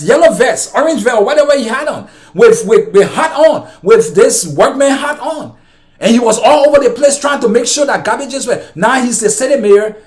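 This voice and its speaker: A Liberian man with a Liberian accent, delivering an impassioned political commentary monologue to his viewers, ranting and often repeating himself. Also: high voice. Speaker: vlogger.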